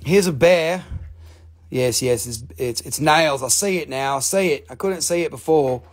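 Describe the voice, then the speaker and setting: A man's voice: fairly high pitch, moderate pace. A man hosting a casual live sale of stones, joking, rambling and swearing as he talks. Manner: joking, profane, rambling salesman. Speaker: live stream mineral seller. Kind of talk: casual live sales chat.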